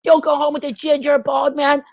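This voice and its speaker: A man putting on the shrill, scolding voice of a woman's disapproving friend, mocking and shouting. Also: completely flat delivery, normal speed, vocal fry. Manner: mocking, high-pitched shouting.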